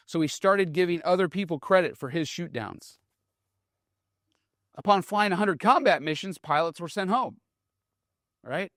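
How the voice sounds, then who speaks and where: A man giving a conversational talk on military leadership, animated and checking in with the audience as he tells the story. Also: fairly high pitch, no room sound, studio quality. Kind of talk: storytelling talk with read-out quotes.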